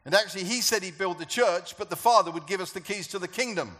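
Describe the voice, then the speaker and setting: A man's voice: sits high, quick pace, bright, forceful tone. A man preaching a sermon to a church gathering, talking conversationally and asking the congregation questions. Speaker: pastor.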